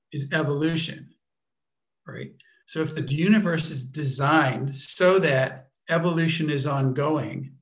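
A man teaching a workshop off the cuff, speaking deliberately and searching for words with frequent restarts. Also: fairly high pitch. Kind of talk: unscripted workshop talk.

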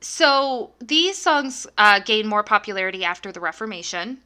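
A woman's voice: mid-range voice, animated, normal speed, bright, forceful tone, smooth. A young woman co-hosting a podcast, chatting casually with lots of fillers and laughs. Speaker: podcast co-host. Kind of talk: casual chat.

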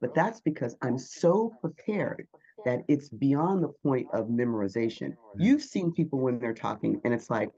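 Animated man coaching on public speaking. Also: mid-range voice, normal speed, creaky, lo-fi sound. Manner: animated, acts out quoted inner voices. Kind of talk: interview answers.

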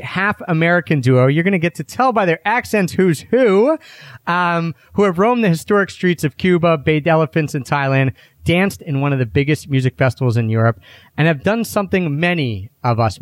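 A man's voice: on the high side, no room sound. Male podcast host, joking and upbeat, dry and close-miked. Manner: playful, joking, animated questions.

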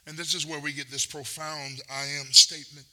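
Bright-voiced preacher man, playful sermon. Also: a little high, little pitch movement, a little fast. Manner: playful asides, acts out quotes in slang; builds to intense preaching. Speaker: pastor.

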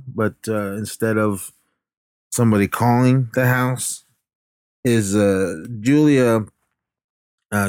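A man's voice: mid-range voice, darkish tone, smooth, no room sound, studio quality. A man casually retelling a film plot, rambling, backtracking to correct himself and briefly acting out the characters' lines. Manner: acts out the characters' lines in passing.

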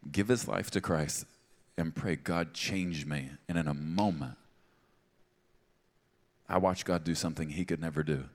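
Deep-voiced man preaching in a reverberant hall. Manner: conversational and emphatic, with playful asides. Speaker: pastor. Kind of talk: sermon. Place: large church auditorium.

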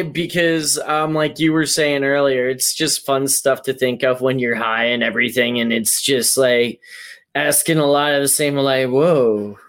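A man co-hosting a podcast, talking casually with frequent pauses and fillers. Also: medium pitch, a bit bright. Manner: halting, full of "like" and "um". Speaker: podcast co-host. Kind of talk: casual chat.

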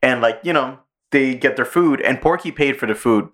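A man co-hosting a podcast in casual chat, telling stories with high-pitched character voices. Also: moderate pace. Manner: animated storyteller, jumps into high voices for cartoon characters. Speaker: podcast co-host.

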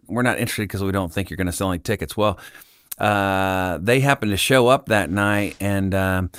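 Man, middle-aged, low voice, smooth and resonant, animated storyteller, podcast chat. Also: no room sound, studio quality. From Kansas. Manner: animated storyteller acting out quoted dialogue. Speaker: podcast guest, Christian singer-songwriter.

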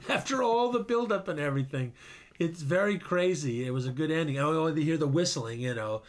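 A man co-hosting a podcast, retelling a film's plot in a casual, halting way. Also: on the high side, animated. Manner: retells a film plot with many hesitations. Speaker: podcast co-host. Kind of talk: casual chat.

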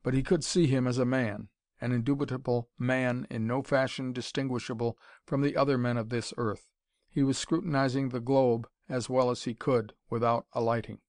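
In a steady, even storytelling voice, a man narrates an adventure novel as an audiobook. His voice is mid-range and his pace normal, captured in clean studio sound with no echo.

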